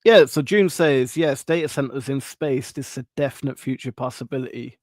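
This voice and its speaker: A man's voice: mid-range voice, fairly quick, no echo. A man hosting a casual livestream, upbeat and jokey, greeting viewers by name and reading their comments. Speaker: livestream host reading chat.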